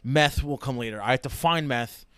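A man's voice: medium pitch, moderate pace, fairly bright tone, smooth, no echo. A young man giving casual, sarcastic reaction commentary with heavy swearing and rambling asides. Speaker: reaction video host.

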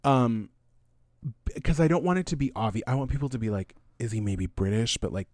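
A man's voice: medium pitch, brisk, a little mellow, no echo, studio quality. A man co-hosting a podcast, chatting in a playful, goofy way. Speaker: podcast co-host. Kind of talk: casual chat.

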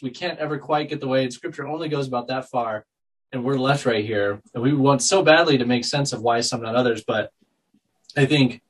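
Reflective husky male co-host. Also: medium pitch, far from the mic, poor audio. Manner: reflective, thinking aloud. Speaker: podcast co-host. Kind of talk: casual podcast discussion.

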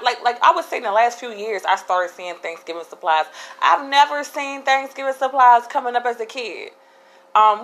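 A woman's voice: on the high side, fairly bright tone, poor audio. Candid, rambling woman podcaster. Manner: candid, rambling, laughs between thoughts. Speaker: podcast host. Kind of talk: casual solo podcast monologue.

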